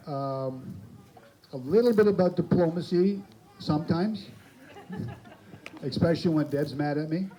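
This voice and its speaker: A man's voice: a little high, dark tone. An older man giving a farewell speech at a campground, telling folksy, self-deprecating stories to the gathered campers, recorded outdoors on a phone on a tripod. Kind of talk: storytelling speech to a crowd. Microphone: phone camera on a tripod at a distance. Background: crowd of campers.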